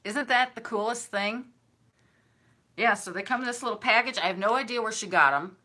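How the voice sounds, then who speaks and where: A woman's voice: a little high, a little fast, sharp tone. A woman, chatting casually and effusively to her viewers while unboxing gifts they sent her. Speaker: craft and decor vlogger.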